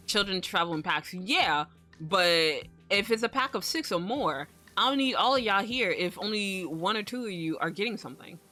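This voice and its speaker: A woman's voice: medium pitch, moderate pace, pushed and bright, soft background music. A young woman streaming, chatting casually in a rambling way, swearing freely and laughing often. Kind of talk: casual livestream chat.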